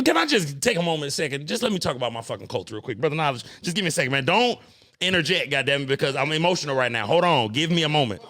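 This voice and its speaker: A fast, heated young man hosting his podcast, swearing freely as he rants with his friends around him. His voice sits a little high for a man and the sound is dry and close. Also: lively intonation, sharp tone, dry recording. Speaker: podcast host. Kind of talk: solo podcast rant, casual and profane. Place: studio room with friends.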